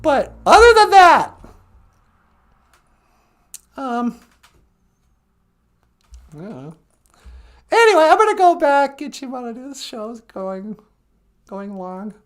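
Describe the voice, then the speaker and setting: High, lively woman telling stories. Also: slow, long pauses. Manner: animated storytelling with frequent laughs. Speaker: host. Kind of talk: comedic monologue.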